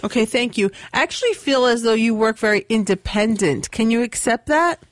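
A woman giving psychic readings to callers on a radio show, brisk and upbeat. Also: a little high, lively intonation, no echo. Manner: brisk, upbeat, laughs often. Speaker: psychic reader. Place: radio studio.

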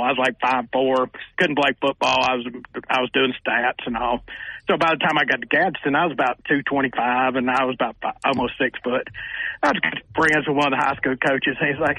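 Forceful older man telling stories. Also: mid-range voice, no room sound, poor audio. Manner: animated storyteller who acts out quotes with raised voices. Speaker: sportswriter guest. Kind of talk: radio interview storytelling.

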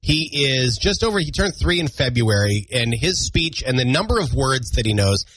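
A man's voice: medium pitch, very animated, normal speed, fairly bright tone, no room sound. A man hosting a morning radio show, chatting casually and telling self-deprecating family stories, a bit congested from allergies. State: congested from allergies, clearing throat. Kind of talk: casual on-air banter. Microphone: studio broadcast mic.

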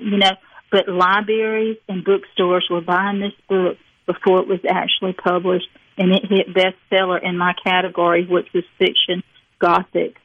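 A woman's voice: on the low side, level tone, moderate pace, phone-quality sound. An older woman from rural Mississippi with a Southern accent, chatting as an author guest in a rambling, folksy way with frequent laughs. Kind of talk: casual interview chat.

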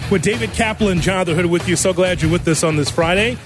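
A man's voice: high-pitched, fast talker, music in the background. A man co-hosting a morning sports radio show, opening it in a polished, upbeat way and asking questions. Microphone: studio mic.

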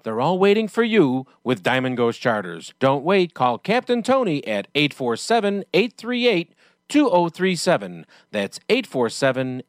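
A man reading a radio advertisement in an energetic, excited way. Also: a little high, no room sound, clean studio sound. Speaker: ad announcer. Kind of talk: scripted radio ad read.

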